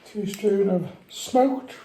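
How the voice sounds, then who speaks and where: A man's voice: high-pitched, very slow, mellow, reverberant, a little hiss or hum. A man cooking in a home kitchen, grumbling and often asking "eh?" as he chats casually. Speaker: cook on a home cooking show. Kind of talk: casual chat while cooking.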